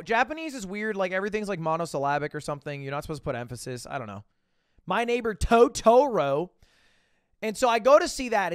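A man's voice: on the high side, smooth, dry recording, studio quality. A young man streaming, telling a rambling story to his chat with lots of restarts and swearing.

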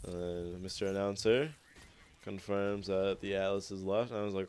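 Young male gameplay commentator, lower voice, smooth and clear, rambling and profane. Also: moderate pace, a little mellow. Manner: rambling, swears a lot, self-mocking.

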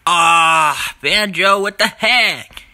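A man's voice: high voice, drawn-out words, pushed and bright. A man hosting a playful plush battle show in a teasing, jokey announcer manner.

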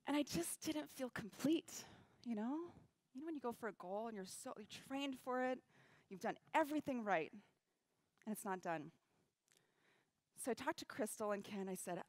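A woman giving a keynote talk on stage, telling a story in an animated way, acting out quotes and laughing often. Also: fairly high pitch, a little fast, no room sound. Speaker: keynote speaker. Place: event stage.

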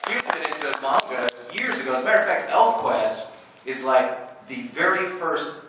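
Animated man in an echoey hall. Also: fairly high pitch, moderate pace, distant mic, slight background noise. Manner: animated, laughing storyteller. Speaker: comic artist and voice actor. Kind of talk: convention panel storytelling. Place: convention panel room.

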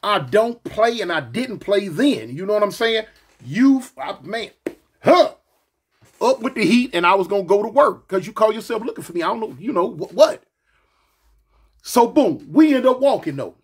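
A man telling a story from his past casually, slangy and animated, acting out the other voices. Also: sits high, normal speed, breathy edge.

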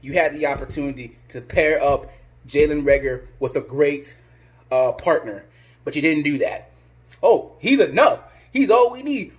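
Male vlogger, high-pitched, angry exasperated rant, repetitive insults. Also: expressive, moderate pace. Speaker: sports fan vlogger. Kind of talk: ranting vlog.

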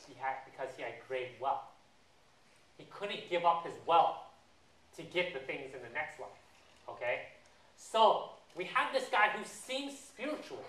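A man gives a sermon in a relaxed, conversational way, slipping into quoted voices as he tells the story. His voice is bright and a little higher than most, and it comes from some distance away in a roomy church hall with lots of echo. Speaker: pastor.

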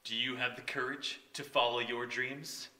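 An actor playing an eccentric, abrasive acting coach who gives a brash, insulting sales pitch. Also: male voice, flat delivery, normal speed, sharp tone. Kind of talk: comedy sketch.

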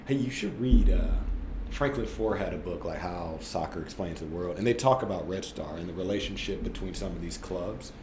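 A man in his thirties, a podcast guest and former basketball player, telling stories in a casual, animated way with lots of fillers and laughter. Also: sits low, normal speed, background noise. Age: 30s. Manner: animated, laughing, filler-heavy with frequent "like" and "right?". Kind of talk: casual storytelling in conversation. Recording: roomy echo.

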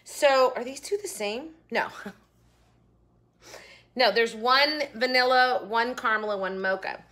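Chatty young woman, food vlogger at home, slightly high and bright, rambling asides. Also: unhurried. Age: young adult. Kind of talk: casual chat. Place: home kitchen.

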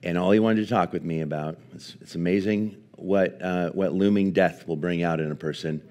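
Low-voiced guy preaching at a church service, earnest, stops and restarts a lot. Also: steady tone, a little mellow. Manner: earnest, halting with restarts and fillers. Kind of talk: sermon storytelling.

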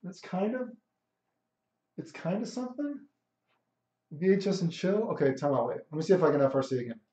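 A man's voice: high voice, animated, fairly quick, warm tone. A man streaming a fighting game, commentating in a brash, boastful, profane way. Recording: echoey room, dull lo-fi mic.

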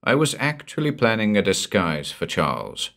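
A man with a deep, low voice reads a weird tale aloud as the first-person teller. He takes his time and lets each sentence settle. It is steady storytelling for an audiobook. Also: normal speed, vocal fry. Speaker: narrator. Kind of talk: audiobook reading of a horror story.

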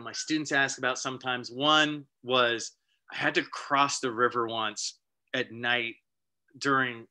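A man giving a casual storytelling slide talk to an astronomy club, chatty and animated, with many fillers and restarts. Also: mid-range voice. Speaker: guest presenter at an astronomy club meeting.

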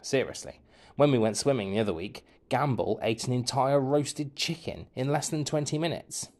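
A male teacher narrates a children's book with a mid-pitched voice, reading in a lively, playful way. He leans into the comic lines and shifts his delivery for each quoted voice, keeping a friendly storytelling flow. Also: normal speed.

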